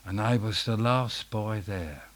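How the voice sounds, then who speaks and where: Slow, deep-voiced male preacher. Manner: dramatic storytelling, swinging from hushed to loud. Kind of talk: sermon.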